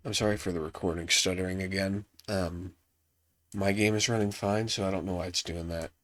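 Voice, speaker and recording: A man's voice: sits low, steady tone, brisk, no room sound. A congested young man chatting offhand while playing a game, rambling and self-deprecating. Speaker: gaming youtuber. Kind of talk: casual gameplay commentary. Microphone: laptop setup.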